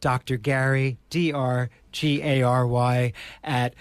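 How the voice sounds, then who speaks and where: A man with an Australian accent, a presentation coach on a podcast, speaking slowly with theatrical emphasis. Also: mid-range voice, flat delivery, no room sound. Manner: slow, theatrical, emphatic delivery. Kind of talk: podcast interview.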